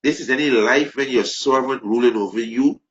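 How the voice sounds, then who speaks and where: A man preaching fervently, repeating phrases, restarting sentences and rising into loud emphasis. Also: medium pitch, normal speed. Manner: repetitive, stumbling restarts, rising to shouted emphasis. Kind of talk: impassioned preaching. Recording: dull lo-fi recording.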